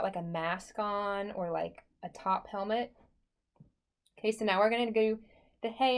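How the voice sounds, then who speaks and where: A woman voice teacher talking through a singing lesson in a chatty, encouraging way, with many likes and okays. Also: medium pitch.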